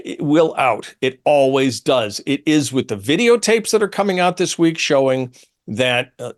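A man hosting a talk radio show, speaking emphatically and acting out quotes from others. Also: mid-range voice. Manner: animated, emphatic, quotes others in changed tones.

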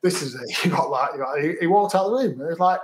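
Halting man telling his story. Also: fairly high pitch, slight background noise. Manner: halting, repeats words, matter-of-fact. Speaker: guest. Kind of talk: storytelling in an interview.

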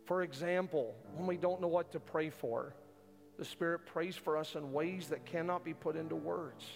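Man preaching in a reverberant hall. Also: a little high. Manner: conversational preaching, acts out listeners' doubts. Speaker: pastor. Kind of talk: sermon. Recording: long hall reverb, faint music.

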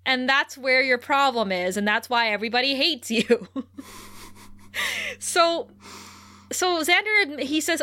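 Woman podcast cohost, higher-pitched, animated and profane casual recap. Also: measured pace. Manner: animated, swears freely, acts out quotes. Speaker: podcast co-host.

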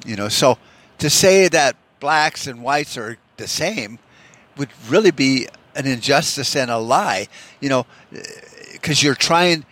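Podcast host, man, bright edgy tone, rambling profane rant. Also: mid-range voice. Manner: profane, ranting, heavy use of "you know". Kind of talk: rambling solo monologue.

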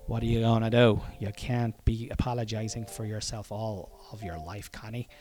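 A man's voice: lowish voice, flat delivery, moderate pace, a little mellow, soft background music. An Irish man telling a personal story in a casual monologue, frank and profane, chuckling often and wandering into asides.

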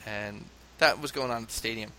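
An animated man from the United States tells a story with a bright, forceful voice. He laughs often and mimics crowd chants. A faint hiss sits under the recording. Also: fairly low pitch, brisk. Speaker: father telling a story. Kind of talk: casual conversation, anecdote.

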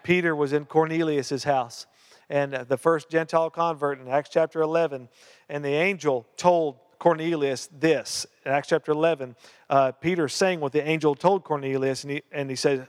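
Pastor, male, earnest storytelling sermon, slightly high voice, long reverb of a church hall. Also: fairly even intonation, moderate pace. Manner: storytelling, earnest, repeats key phrases.

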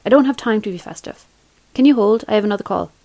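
A woman's voice: mid-range voice, quick pace, mellow, dry recording, close to an everyday voice. A woman voicing a stressed, snappish woman who is overwhelmed by work and Christmas, with curt, sarcastic replies. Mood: irritated.

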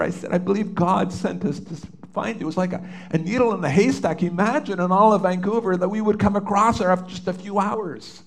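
A middle-aged Canadian father gives a personal testimony about his family, earnest and emotional, often pausing and starting over. His voice is high and his pace brisk.

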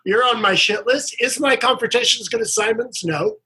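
A man's voice: very high voice, brisk, sharp tone. A man in his thirties joking about himself in casual podcast chat. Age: 30s. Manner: self-deprecating, joking. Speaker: podcast co-host.

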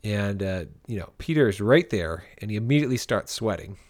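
A man co-hosting a casual podcast, recapping a story in an animated way and often laughing. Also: on the low side, a little fast, dry recording. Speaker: podcast co-host. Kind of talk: casual comic book podcast chat.

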